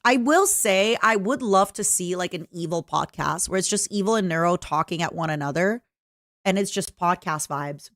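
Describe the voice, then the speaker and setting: A young woman with a Canadian accent chatting casually with her stream viewers, jokey and full of quick asides. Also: fairly low pitch, lively intonation, fairly bright tone, dry recording, clean studio sound. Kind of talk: casual livestream chat.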